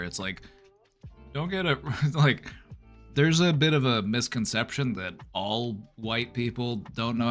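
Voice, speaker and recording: A man's voice: mid-range voice, fairly bright tone. A man hosting a casual chat stream, talking in an easygoing, rambling way with lots of fillers. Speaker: streamer host.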